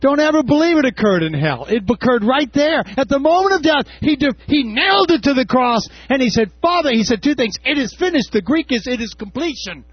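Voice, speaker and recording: A male preacher with a high, husky voice that swings widely in pitch, preaching with passion and breaking into shouts. The sound is dry and slightly dull. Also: very animated, brisk, hardly any pauses, no echo. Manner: impassioned, with shouted peaks and casual asides. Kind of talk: sermon.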